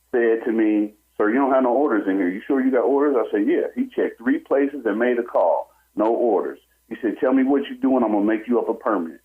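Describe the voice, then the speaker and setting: A man, a barber and homeowner, telling his own story to a talk show host with urgency and acting out what other people said. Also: medium pitch. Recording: slightly muffled with faint noise.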